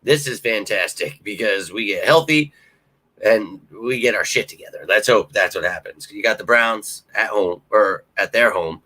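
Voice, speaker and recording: A man riffing on a live-stream sports show with a bright, forceful voice that sits on the low side. He talks straight to his viewers, thinks out loud with restarts and swears freely. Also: moderate pace, rough recording. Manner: animated, swears often, talks to viewers directly; restarts and fillers, thinks aloud. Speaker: sports talk host.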